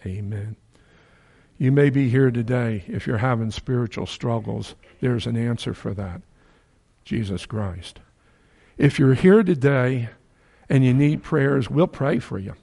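Older jersey guy preaching, casual and folksy, gets loud and emphatic at the big points. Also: medium pitch, measured pace, gravelly. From New Jersey. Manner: conversational preaching with chuckles and emphatic rises. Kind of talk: sermon.

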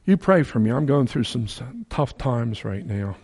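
A man's voice: mid-range voice, lively intonation, normal speed, a little mellow, slightly rough. An older man from New Jersey preaching a sermon in a conversational way, chuckling now and then and rising to emphatic peaks.

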